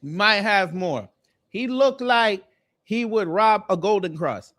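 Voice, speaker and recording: A man hosts a casual commentary video, mocking his target in slangy, deadpan jokes. His voice sits a little on the high side. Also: takes it slowly, noisy background. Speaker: host. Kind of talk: roasting commentary.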